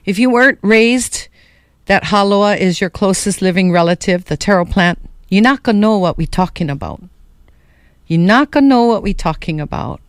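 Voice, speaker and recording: A woman's voice: medium pitch, clear, resonant tone, no echo, studio quality. A middle-aged woman hosting a call-in radio show, speaking with passion and feeling. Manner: passionate, heartfelt.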